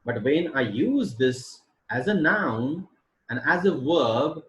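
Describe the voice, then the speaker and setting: A man giving a phonology lecture to teachers, modelling word pairs slowly and deliberately. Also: a little high, very animated, low-quality recording. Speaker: English teacher.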